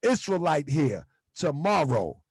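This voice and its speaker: High-voiced male livestream host. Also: breathy edge, dry recording. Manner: relaxed and rambling, many "um" and "uh" pauses, laughs easily. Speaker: host of an online talk show. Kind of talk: casual livestream chat.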